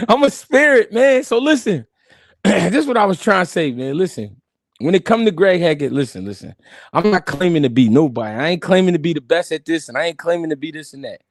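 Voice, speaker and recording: Male stream host, high voice, cracks up often, dry close sound. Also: brisk, no room sound. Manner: animated, laughing, profane banter. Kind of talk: live-stream boxing commentary.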